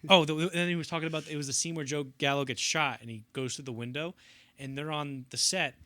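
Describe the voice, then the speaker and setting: A man's voice: a little high, fairly even intonation, quick pace, pushed and bright, no echo. A young man co-hosting a casual film podcast, rambling through anecdotes and acting out quotes in bursts. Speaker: podcast co-host.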